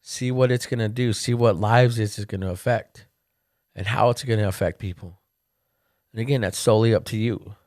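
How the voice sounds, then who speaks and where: A man's voice: fairly low pitch, moderate pace, no room sound, studio quality. Candid man telling stories. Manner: candid, conversational, animated when quoting others. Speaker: podcast host. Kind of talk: casual storytelling monologue.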